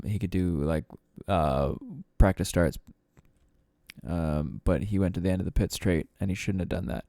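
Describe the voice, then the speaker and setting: A man's voice: low voice, warm tone, smooth, no room sound, studio quality. A man hosting a casual solo podcast, rambling and swearing with lots of fillers. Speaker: podcast host.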